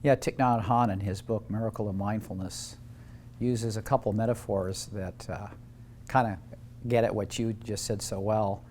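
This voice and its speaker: Calm man leading a discussion. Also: lowish voice, moderate pace, noisy background. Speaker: discussion facilitator.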